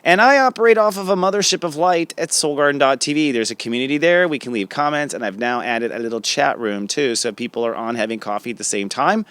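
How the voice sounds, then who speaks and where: A man's voice: medium pitch, fast talker, few pauses, a bit bright, clean tone, no room sound. A man hosting an astrology show, delivering an earnest spiritual forecast monologue that rambles with frequent restarts and fillers. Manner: affectionate and earnest.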